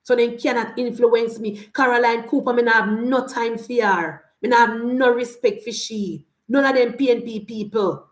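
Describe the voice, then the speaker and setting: A Jamaican woman in her forties delivers a heated political rant in a high, insistent voice. She hammers her points home with repetition and pointed rhetorical questions. The sound is roomy and echoey. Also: moderate pace, few pauses. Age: 40s. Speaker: political commentator. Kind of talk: opinionated political monologue.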